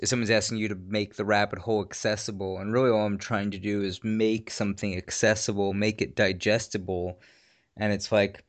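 Thoughtful low-voiced man. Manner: thoughtful, searching for words, occasional swearing. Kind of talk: casual podcast chat.

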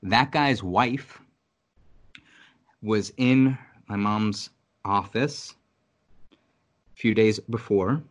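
A man from New York City telling stories in casual conversation, rambling, swearing often and getting animated. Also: on the low side, very slow, long pauses. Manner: rambling, profane, animated storytelling. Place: Virginia.

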